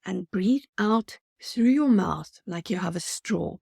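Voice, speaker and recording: A woman's voice: mid-range voice, lively intonation, slow, gravelly, a little mellow, husky, no room sound, clean studio sound. A woman giving a motivational customer service training talk, earnest and coaching, speaking straight to her viewers.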